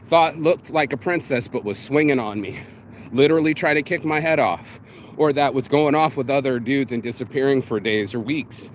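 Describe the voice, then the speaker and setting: A man's voice: mid-range voice, slight background noise. A man delivering a profane, rambling rant, circling back with restarts as he talks. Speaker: vlogger. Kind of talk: ranting monologue.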